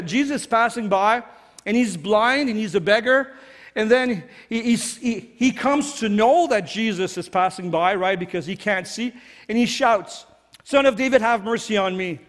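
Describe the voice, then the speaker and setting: Man, pastor, sermon, high-pitched, earnest conversational delivery, long reverb of a church hall. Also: a little slow, fairly bright tone. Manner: earnest, conversational preaching with many restarts. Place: church sanctuary.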